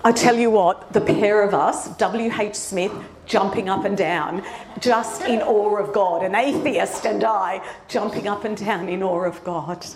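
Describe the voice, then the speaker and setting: A woman giving a sermon testimony, telling a story with animated delivery that builds to fervent exhortation. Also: mid-range voice, measured pace, echoey room, background noise. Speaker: preacher.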